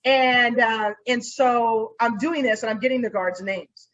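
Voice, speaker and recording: A woman's voice: fairly high pitch, unhurried, low-quality recording. A woman private investigator telling a story in a casual interview, acting out what she said to people along the way. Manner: animated storyteller acting out her own lines.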